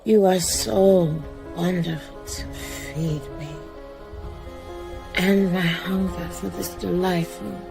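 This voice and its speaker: A woman's voice: on the low side, fairly even intonation, takes it slowly, vocal fry. A woman performing a theatrical spoken-word poem in character, sultry and menacing. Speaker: guest poet. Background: loud music.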